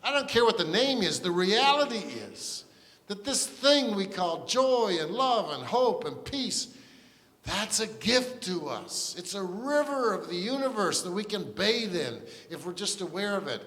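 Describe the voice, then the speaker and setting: A man's voice: high-pitched, big pitch swings, a little slow, fairly bright tone. A man preaching a sermon as pastor, earnest and conversational, with asides and restarts. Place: church sanctuary. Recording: long church reverb.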